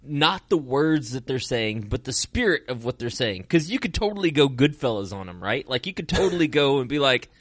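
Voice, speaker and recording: A man's voice: mid-range voice, a little fast, hardly any pauses, dry recording. A man co-hosting a casual podcast chat, telling stories with lots of laughter and acted-out quotes. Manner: animated storyteller, laughs a lot, acts out quotes. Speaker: podcast co-host, magician.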